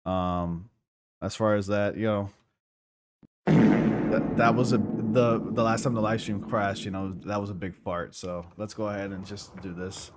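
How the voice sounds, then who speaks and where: A man's voice: lowish voice, steady tone, measured pace, noisy background. A man chatting casually as a game streamer, rambling, apologetic and goofy. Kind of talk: casual livestream chat.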